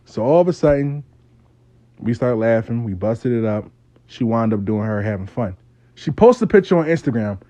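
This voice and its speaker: A man tells a story with swearing and street slang, his pitch swinging up and down. His voice is mellow and low in brightness. The recording is dry and dull, with a lo-fi sound. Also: moderate pace, no room sound. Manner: animated, profane, streetwise storytelling. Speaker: storyteller host. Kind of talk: casual storytime monologue.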